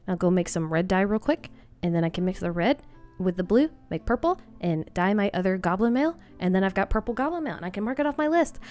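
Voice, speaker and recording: A woman's voice: mid-range voice, darkish tone. Chatty self-mocking woman gaming host. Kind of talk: casual gameplay commentary.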